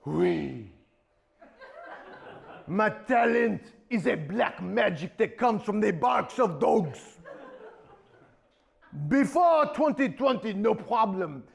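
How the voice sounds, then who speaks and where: A man's voice: high-pitched, sing-song, slow pace, gravelly, pauses often, exaggerated voice. A man voicing a pompous villainous diva sorceress, on a theatre stage. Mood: haughty.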